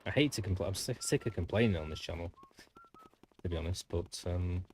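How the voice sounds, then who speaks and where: A man with a low, deep voice talks through a game stream in a loose, rambling way. He chats straight to his viewers, drifting between topics and throwing in the odd mild swear word, with faint noise in the background. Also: lively intonation, a little fast. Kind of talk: casual gameplay commentary.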